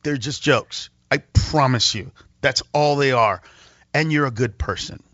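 A male comedian guest telling an animated story on a talk radio show, acting out voices and laughing often. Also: mid-range voice, measured pace, no echo, dull audio. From Mexican-American.

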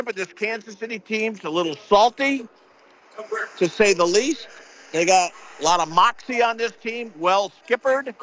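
A man's voice: high-pitched, pushed and bright. An older man hosting a late-night sports radio show, rambling casually with lots of fillers and repeats. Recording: slightly dull broadcast audio.

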